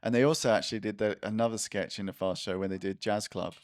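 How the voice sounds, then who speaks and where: A young British man on a podcast, racing through an anecdote in a low voice. The sound is dry and close, with little room around it. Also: fairly even intonation, fast, darkish tone, no room sound. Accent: British English. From England. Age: young adult. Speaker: podcast co-host. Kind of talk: casual chat.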